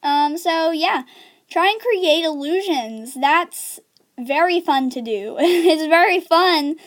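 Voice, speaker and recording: Young woman, high-pitched, casual rambling vlog delivery with giggles and fillers. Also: animated, slow. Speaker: video creator giving writing tips. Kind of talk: casual chat to camera.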